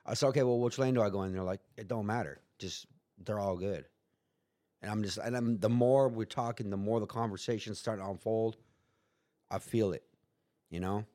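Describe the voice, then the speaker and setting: A man's voice: fairly low pitch, a little fast, warm tone. Rambling profane man telling a story. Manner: rambling, profane, acts out quotes in put-on voices. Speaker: guest. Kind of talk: casual storytelling.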